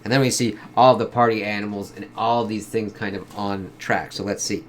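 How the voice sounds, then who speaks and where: A man's voice: fairly low pitch, fairly even intonation, normal speed, a little hiss or hum. A man giving a casual comic book review, swearing a lot and filling his talk with "kind of" and "like.". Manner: casual, heavy swearing, lots of fillers like "kind of".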